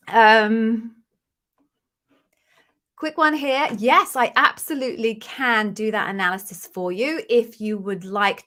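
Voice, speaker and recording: A woman's voice: medium pitch, fairly bright tone. A British woman, middle-aged, hosting a live-stream question and answer session as an interview coach, chatty and effusive as she greets viewers by name. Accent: British English. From Britain.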